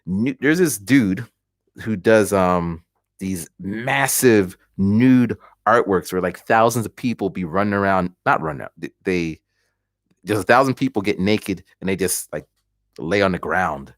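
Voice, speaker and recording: A man's voice: deep voice, unhurried, dry recording, studio quality. A man in his forties chatting casually on a livestream at home, telling stories with voiced reactions. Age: 40s. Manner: animated storytelling with voiced reactions. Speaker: livestream host. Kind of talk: casual chat.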